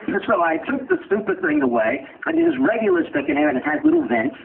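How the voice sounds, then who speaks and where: A man teaching a medical class who asks quick questions and answers them himself, with blunt joking asides. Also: extremely high pitch, sing-song, vocal fry. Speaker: medical lecturer. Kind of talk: lecture with questions to students. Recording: tinny lo-fi lecture recording with faint hiss.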